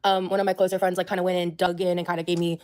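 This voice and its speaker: A woman talking hesitantly on her livestream, with many pauses and fillers. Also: fairly low pitch, flat delivery, a little mellow. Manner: hesitant, full of ums. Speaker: streamer being watched. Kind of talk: casual livestream talk.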